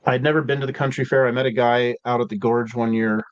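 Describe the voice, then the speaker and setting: Fast and steady, a mid-range male voice from Seattle, USA, spins laid-back stories on a podcast as a guest. His slangy talk is peppered with "like" and "dude," captured in dull, dry audio.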